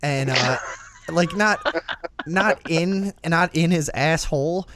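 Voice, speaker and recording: A man hosting a talk show, telling a crude story in a profane, animated way. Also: a little high, slow pace, background noise. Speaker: podcast host.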